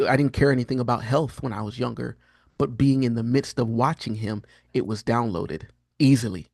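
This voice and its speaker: A man in his thirties, a guest on a podcast, telling a personal story in a casual, earnest way. He often restarts and fills his speech, and his voice jumps much higher when he quotes himself. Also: brisk, creaky, no room sound. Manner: animated, rises sharply in pitch when quoting himself; frequent fillers and restarts, earnest and candid. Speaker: podcast guest, prophetic teacher.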